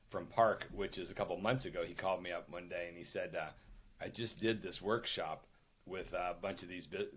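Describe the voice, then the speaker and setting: An older man, a podcast guest and author, telling anecdotes in an animated, emphatic way. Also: low-pitched. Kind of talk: conversational interview.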